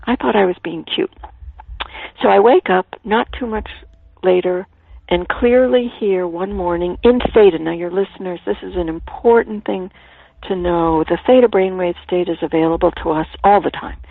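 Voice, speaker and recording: Gravelly-voiced woman author on a phone line. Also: lowish voice, normal speed, dry recording. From Ireland. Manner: animated storytelling, drops into a soft whisper at times. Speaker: author and guest. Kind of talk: storytelling in a radio interview. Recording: tinny phone line, dry.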